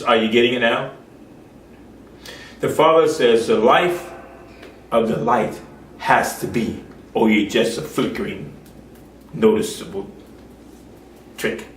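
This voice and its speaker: A man preaching a sermon in an emphatic, folksy way, swinging between loud outbursts and quiet asides. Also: high voice, expressive, moderate pace, pauses often, echoey room, distant mic.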